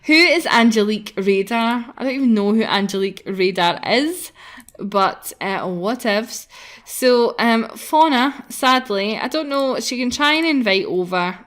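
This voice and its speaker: A woman's voice: fairly high pitch, lively intonation, measured pace, a bit bright. A young woman chatting casually and giggling as she comments on her gameplay for viewers, tired from recording early in the morning. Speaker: gaming channel host.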